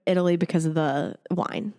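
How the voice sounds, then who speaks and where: A woman's voice: lowish voice, fairly even intonation, normal speed, gravelly, warm tone, dry recording, studio quality. A young woman co-hosting a casual podcast chat, giggling and laughing often as she talks. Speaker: podcast co-host.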